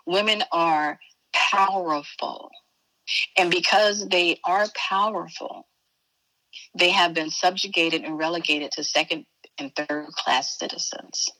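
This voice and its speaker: Woman from chicago, spiritual teacher guest, emphatic folksy talk, lowish voice, forceful tone. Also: fairly even intonation, slow, poor audio. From Chicago, USA. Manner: emphatic, folksy, calls listener baby and honey. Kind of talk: casual interview chat.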